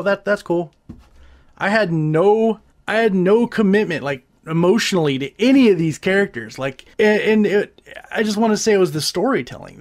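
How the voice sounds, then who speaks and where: High-voiced, profane podcast ranter. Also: male voice. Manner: profane, animated, exaggerated. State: briefly out of breath. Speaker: podcast host. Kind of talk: casual ranting review.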